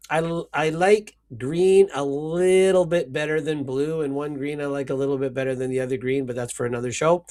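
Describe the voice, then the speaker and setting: A man's voice: fairly high pitch, darkish tone. A man co-hosting a casual sports podcast, ranting with sarcastic mock sadness. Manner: sarcastic, mock-emotional rants. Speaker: podcast co-host.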